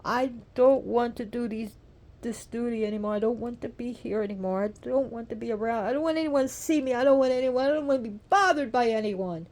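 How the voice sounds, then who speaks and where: A woman's voice: a little high, brisk, darkish tone, pitched above the performer's own voice, lightly acted. A woman voicing a betrayed, heartbroken goddess who pleads tearfully to be left alone.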